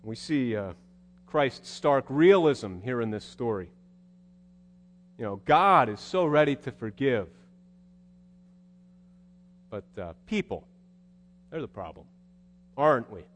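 A man's voice: medium pitch, sing-song, slow pace, long pauses. A male preacher giving a sermon in a conversational, wry storytelling manner. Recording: long hall reverb.

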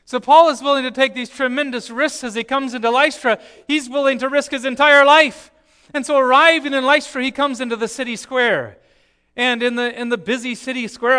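Guy preaching a sermon, really high bright voice, storyteller, goes quiet then punches it. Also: smooth. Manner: storytelling, swings from hushed to emphatic.

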